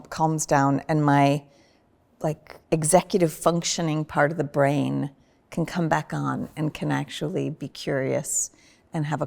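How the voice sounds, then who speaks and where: A woman chatting on a podcast, telling personal stories in an animated way with sudden loud vocal bursts. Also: deep voice, gravelly. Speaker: podcast guest, host's wife. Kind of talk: casual personal conversation.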